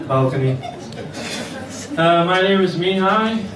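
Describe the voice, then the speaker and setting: A man doing a self-deprecating stand-up set in an unhurried, deadpan manner on a comedy club stage. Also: sits high. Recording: echoey club from far off, noisy.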